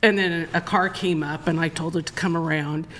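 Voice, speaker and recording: A woman's voice: low-pitched, moderate pace. Woman guest rambling thru a wild story, gets worked up, keeps restarting. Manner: excitable, rambling, restarts often, laughs while telling. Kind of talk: animated storytelling on a live show.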